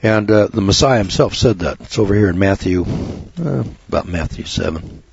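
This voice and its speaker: Blunt, husky-voiced lay preacher, a man. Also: low-pitched, lively intonation, moderate pace, dull audio. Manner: blunt, folksy, rough-spoken. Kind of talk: informal sermon.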